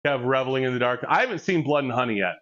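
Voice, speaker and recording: This fitness vlogger, a man in his forties, tells crude, jokey stories between gym sets and laughs a lot. He talks very fast in a mid-range, fairly bright voice with lively intonation, and the lo-fi recording sounds dull.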